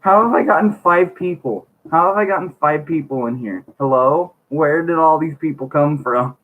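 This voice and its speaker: A man's voice: fairly high pitch, moderate pace. Man reading aloud through a tinny mic. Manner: stumbles over words, wry running commentary. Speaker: YouTuber reading a book aloud. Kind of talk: reading aloud with joking asides. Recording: tinny lo-fi mic, faint hiss.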